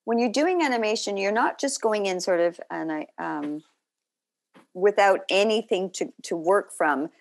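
A woman actor chatting as a podcast guest, telling stories in an animated way with laughing asides. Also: mid-range voice, moderate pace, creaky. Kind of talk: casual interview chat.

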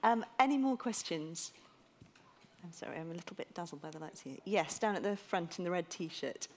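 A woman's voice: on the low side, animated, normal speed, a little hiss or hum. A woman interviewer on a festival stage, politely chairing the questions with a giggle. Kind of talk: hosting an audience Q&A. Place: festival stage under stage lights.

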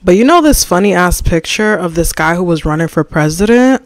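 A livestreamer chatting casually while designing, slangy and animated, reading and answering the chat and ranting about opinions. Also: mid-range voice, brisk, dry recording.

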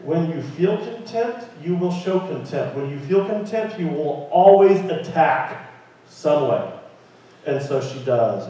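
High-voiced preacher in an echoey hall. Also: male voice. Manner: lively, conversational preaching with questions to the congregation. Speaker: pastor. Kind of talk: sermon. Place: church sanctuary. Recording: very echoey room, mic at a distance.

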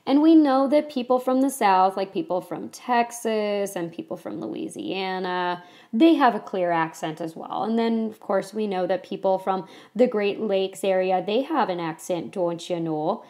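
A woman's voice: medium pitch, normal speed, darkish tone. A woman from California giving a casual history lecture to a class, chatty and full of ums and you-knows. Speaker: history teacher.

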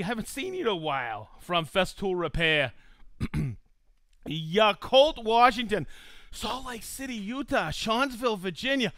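This live-stream host has a high-pitched, sing-song, fairly bright voice and takes his time, with no echo in the recording. In casual chat he cheerfully reads viewers' hometowns aloud and jokes with his crew, staying upbeat throughout.

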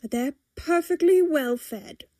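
A woman's voice: sits high, slow, mellow, dry recording, clean studio sound, voice pushed up. A woman voicing a fussy, doting male shopkeeper who speaks in a prim way. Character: fussy, doting man who runs a shop.

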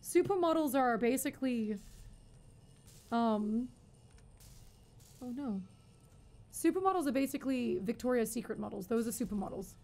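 High pitched lady streamer, freaks out and swears a lot, chats w viewers. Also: normal speed, pauses often. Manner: excitable, panicky outbursts and swearing; chatty, thanks and talks to viewers. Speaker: game streamer. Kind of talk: live gameplay commentary.

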